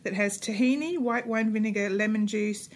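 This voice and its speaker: A woman co-hosting a podcast, chatty and quick to laugh, eagerly listing details. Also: medium pitch. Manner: chatty, laughs often, lists details enthusiastically. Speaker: podcast co-host. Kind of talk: casual chat.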